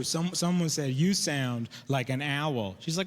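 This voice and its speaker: A man from the Canadian prairies doing stand-up, telling animated stories and acting out the characters in them. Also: fairly high pitch, measured pace. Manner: animated storytelling, acts out characters. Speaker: stand-up comic. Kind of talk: stand-up comedy. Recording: reverberant hall, faint noise.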